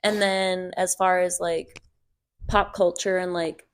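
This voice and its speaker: A woman's voice: lowish voice, little pitch movement, slow, clear, resonant tone. A young adult woman hosting a podcast, chatting casually with friends, rambling and filling her talk with "like". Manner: rambling, heavy use of "like", laughs often. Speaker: podcast host. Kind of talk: casual chat among friends.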